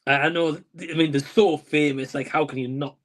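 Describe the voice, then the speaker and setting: A man's voice: fairly high pitch, fairly even intonation, fairly quick, fairly bright tone. A man, co-hosting a podcast in casual chat, laughing and self-deprecating. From England. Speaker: podcast co-host.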